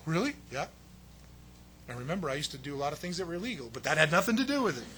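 A man preaching a sermon as pastor, telling the story with lively acted-out quotes. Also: on the high side, racing, a little hiss or hum. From United States. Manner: animated storytelling, acts out quoted voices.

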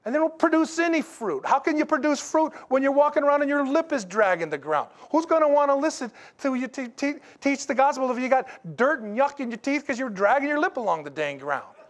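A man preaching a sermon in a folksy, animated way, with asides to the congregation. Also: extremely high pitch, a little fast, hardly any pauses. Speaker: pastor.

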